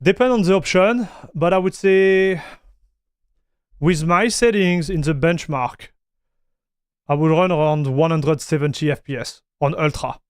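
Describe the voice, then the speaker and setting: A man's voice: a little high, unhurried, clear, resonant tone, no echo, studio quality. A young man from the south of France with a French accent, casually chatting with viewers on a live stream. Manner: casual, addresses viewers as buddy and dude.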